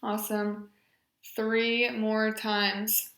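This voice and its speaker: Woman running voice drills, super slow and encouraging, bright voice, echoey room. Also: mid-range voice, monotone. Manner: encouraging, slow and clearly paced instructions. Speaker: speech therapy exercise leader. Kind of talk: guided voice exercise class.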